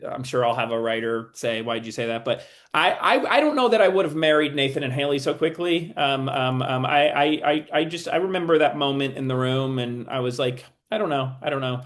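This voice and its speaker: Halting man, guest writer. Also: mid-range voice, a bit bright. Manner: halting, restarts a lot while thinking. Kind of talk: casual interview chat.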